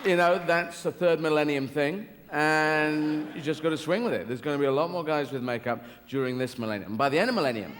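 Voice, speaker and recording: On a large theater stage, an English stand-up comedian performs a rambling, digressive routine packed with swearing. His voice is fairly high, brisk and nearly pauseless, captured in a reverberant live hall with ambience.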